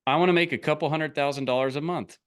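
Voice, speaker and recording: A man's voice: a little high, steady tone, quick pace, fairly bright tone, smooth. A middle-aged man coaching on online business in a blunt, rambling, casual motivational talk, often breaking into laughs.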